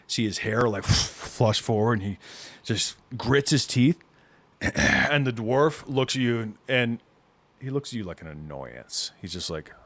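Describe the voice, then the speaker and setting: A man's voice: fairly low pitch, animated, fairly bright tone. A man running a tabletop game as game master, narrating the scene and playfully voicing the characters. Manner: playful, voices NPCs in quick asides.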